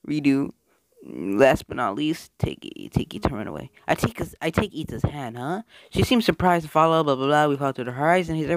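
Young male gamer reading a story game aloud, excitable, big pitch swings, dry close sound. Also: normal speed, no echo. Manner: excitable, animated, swings between mumbling and loud outbursts. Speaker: let's-play gamer.

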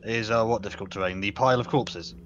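A man's voice: lowish voice, fast talker, fairly bright tone, lo-fi sound, a little hiss or hum. A man narrating a tabletop game as game master, casual and stumbling over restarts as he describes the scene.

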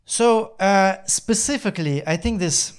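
Sarcastic swearing stand-up comic. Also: male voice, sits high, unhurried, smooth. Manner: irritated sarcastic rant, heavy swearing. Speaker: stand-up comedian. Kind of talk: stand-up routine.

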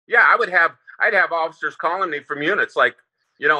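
A man, a former prison lieutenant, telling stories in a relaxed interview, rambling with restarts and fillers. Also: a little high, fairly quick, lo-fi sound. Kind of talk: casual interview storytelling.

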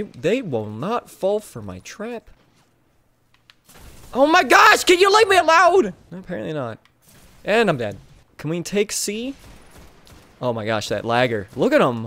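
A young man giving casual gameplay commentary, swinging between mumbled asides and excited yelps. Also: a little high. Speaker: gaming YouTuber.

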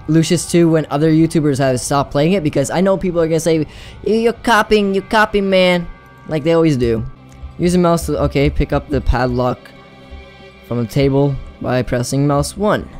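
A man's voice: on the high side, darkish tone, clean tone. A young man chatting casually and rambling through a game playthrough, giggling often. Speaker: gaming YouTuber. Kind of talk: let's play commentary.

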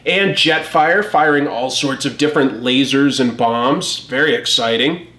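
A man's voice: mid-range voice, measured pace, bright, forceful tone, roomy sound. A man hosting a comic review channel, giving wry, amused casual commentary.

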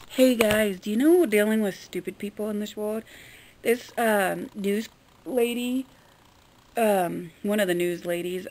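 A woman vlogging to her viewers in a casual, rambling way, blunt and quick to swear. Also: mid-range voice, darkish tone. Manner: chatty, addresses viewers directly. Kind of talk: casual chat to camera.

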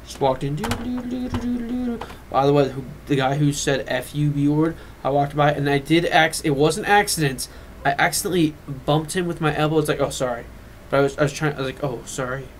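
A man telling a personal story on his vlog, rambling and drifting off into quick asides. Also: a little high, steady tone, slight background noise. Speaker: vlogger.

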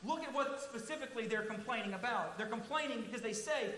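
Male pastor mid-sermon with a very high, forceful voice, earnest and emphatic, recorded in an echoey church hall with faint hiss. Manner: earnest, emphatic preaching that slows to stress key words. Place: large church sanctuary.

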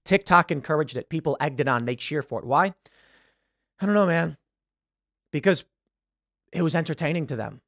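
A male host delivers emphatic, agitated political commentary in a high, very lively voice. The recording is close and dry. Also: moderate pace, creaky, pauses often, dry recording. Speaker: show host.

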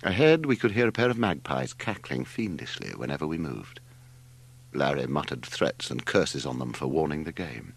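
An older man reading a novel aloud as audiobook narrator, in an expressive storytelling manner. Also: moderate pace, creaky, breathy edge. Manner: expressive storytelling, wide swings in pitch. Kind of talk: scripted narration.

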